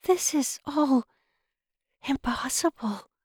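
A woman's voice: fairly high pitch, animated, takes it slowly, darkish tone, no room sound, clean studio sound, voice pushed up. A woman reading the lines of a wondering, homesick young woman in a storybook. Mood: awed.

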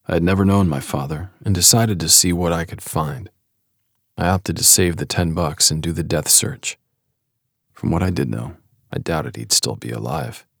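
Male storyteller, husky and dry-sounding, candid, wry, first person. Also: deep voice, dry recording.

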